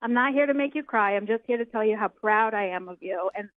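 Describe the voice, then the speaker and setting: A woman's voice: mid-range voice, fast, no echo. A woman calling a radio show, laughing and affectionate as she thanks the host. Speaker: caller. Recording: phone line.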